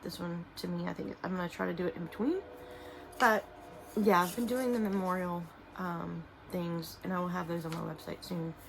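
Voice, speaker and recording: A middle-aged woman talks casually to the camera about her handmade products, often pausing and trailing off with fillers. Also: on the low side, steady tone, vocal fry, a little hiss or hum, rough recording. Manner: halting, many fillers and trailing restarts; soft-spoken and emotional at times. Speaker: small business owner and artist. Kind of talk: casual vlog talking to camera while showing products.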